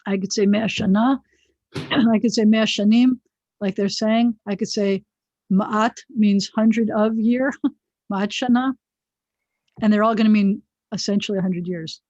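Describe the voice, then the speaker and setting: A woman's voice: mid-range voice, fairly even intonation, unhurried, darkish tone, no echo. A woman rabbi teaching a biblical Hebrew class online, chatting through the vocabulary with personal asides. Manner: chatty, digressive, explains word by word with asides. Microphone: video call. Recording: dull, dry video-call audio.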